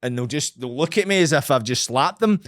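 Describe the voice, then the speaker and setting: A man's voice: mid-range voice, lively intonation, a little fast, a bit bright, no echo, studio quality. A man in his thirties with a Glaswegian Scottish accent, chatting as a podcast guest with rolled R's and rambling, jokey stories. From Scotland. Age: 30s. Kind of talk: casual chat.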